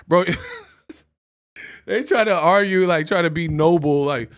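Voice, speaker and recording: A man hosts a boxing live stream in a loose, joking way, cracking up at his own impressions. His voice sits a little high and comes out slow and drawn out. The sound is dry and close. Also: dry recording. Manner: laughing often, joking impressions. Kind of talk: casual live-stream commentary.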